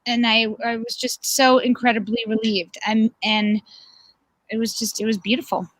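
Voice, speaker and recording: A woman on a video call, talking in a heartfelt, halting way with frequent restarts. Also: fairly high pitch, flat delivery, dry recording, poor audio. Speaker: guest. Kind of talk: casual chat on a video call.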